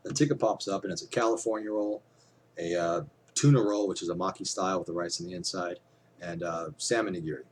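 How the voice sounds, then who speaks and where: Deep-voiced man rambling casually. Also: a little fast, slight background noise. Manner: rambling, lots of "you know" fillers, swears casually. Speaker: vlogger. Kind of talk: casual storytelling to camera.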